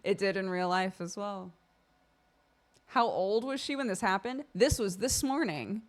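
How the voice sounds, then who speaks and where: A woman streamer telling a casual, expressive story to her live chat, acting out quoted speech. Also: mid-range voice, a little slow.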